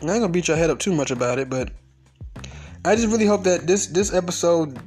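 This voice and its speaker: A podcast host launches into a heated, profane, confrontational monologue, talking fast in a voice on the high side with a darkish tone and lively intonation. Soft music plays in the background.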